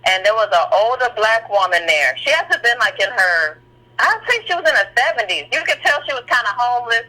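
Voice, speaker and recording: A woman phones in to a talk show with a bright, forceful voice. She tells a personal story earnestly and acts out what each person said. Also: fairly high pitch, big pitch swings, fairly quick, poor audio. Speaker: caller. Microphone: phone line.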